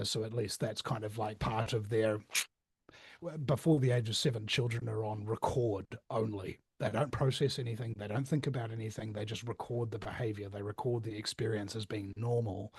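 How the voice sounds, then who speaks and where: A man's voice: lowish voice, slightly rough, dry recording. Rambling New Zealand man on a dry mic. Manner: rambling, many fillers and restarts. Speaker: podcast host. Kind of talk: casual interview chat.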